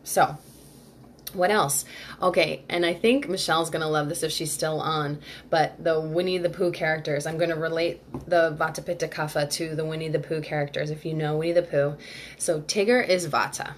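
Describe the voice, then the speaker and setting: A woman hosts a live-streamed Ayurveda workshop in a loose, chatty way, answering viewer comments as she goes, rambling with lots of "like" and restarts. Her low voice has fairly even intonation and a moderate pace, with a little hiss or hum in the audio.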